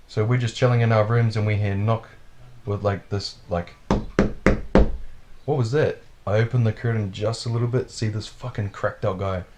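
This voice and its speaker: Lively, profane man telling a story. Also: fairly low pitch, highs cut off. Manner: animated, profane, laughs while telling. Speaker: podcast storyteller. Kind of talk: casual storytelling chat.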